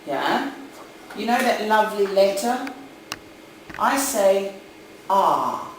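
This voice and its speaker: Female presenter with a New Zealand accent, animated and jokey, recorded in a reverberant conference hall with faint room noise. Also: medium pitch, slow, recorded from a distance. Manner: chatty, jokey, animated with audience asides. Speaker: conference speaker for English teachers. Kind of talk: lively conference talk. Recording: echoey hall, speaker off-mic at times.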